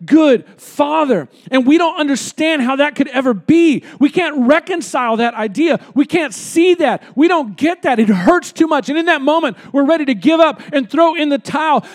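A male pastor preaching an impassioned sermon, calling for amens and rising to shouts. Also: extremely high pitch.

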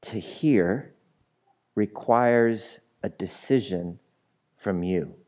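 ゆったり話す牧師の男性. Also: male voice, fairly low pitch, very slow, a little mellow. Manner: conversational, playful asides, rising to emphatic repetition. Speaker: pastor. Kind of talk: sermon.

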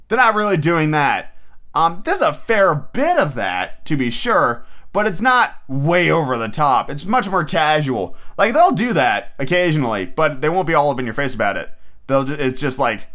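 A man's voice: fairly high pitch, big pitch swings, normal speed, pushed and bright. A man hosting a solo podcast in a casual, rambling way, with lots of fillers and restarts. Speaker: podcast host.

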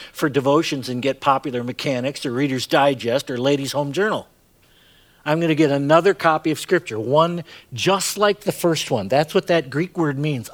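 Conversational middle-aged man preaching. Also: fairly high pitch. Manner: conversational preaching with many asides and "right?" tags. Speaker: pastor. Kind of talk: sermon.

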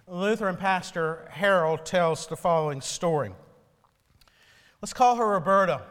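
A male pastor delivering a sermon, telling a story slowly and solemnly. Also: fairly high pitch, fairly bright tone, long reverb tail.

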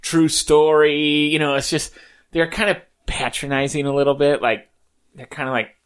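A man's voice: a little high, moderate pace, clear, resonant tone. A man co-hosting a casual podcast chat, joking, laughing often and slipping into impressions. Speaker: podcast co-host.

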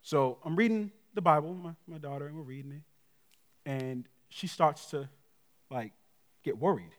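A middle-aged male guest pastor preaching a sermon in a church, colloquial and conversational, swinging from loud emphasis to hushed asides. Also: a little high, unhurried. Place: church sanctuary.

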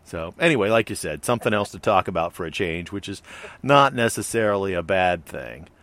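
A man's voice: low voice, animated, a little fast, fairly bright tone. A middle-aged man co-hosting a podcast, chatting casually and rambling with many fillers and restarts. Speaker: podcast co-host. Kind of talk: casual chat.

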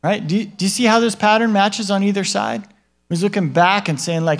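A man's voice: high-pitched, a little fast. A man preaching a sermon in a conversational way, often checking in with listeners and acting out the people in the stories. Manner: conversational, asks the listeners questions and tags lines with "right?"; acts out what God and other people say in a livelier voice. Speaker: pastor.

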